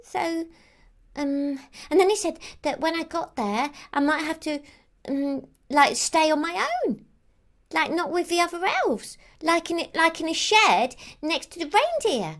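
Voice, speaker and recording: A woman's voice: sits high, unhurried, a bit bright. A woman playing a childlike female Christmas elf who rambles on with lots of "like" and "um". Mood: rambling. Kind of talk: character monologue to camera.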